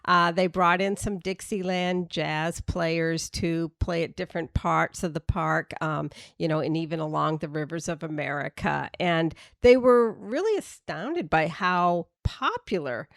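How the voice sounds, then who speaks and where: A woman's voice: lowish voice, measured pace, gravelly, hardly any pauses, no room sound, studio quality. A woman with a slight Boston accent, co-hosting a podcast and chatting through her research with plenty of fillers and restarts. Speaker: podcast co-host presenting research. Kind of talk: casual podcast chat.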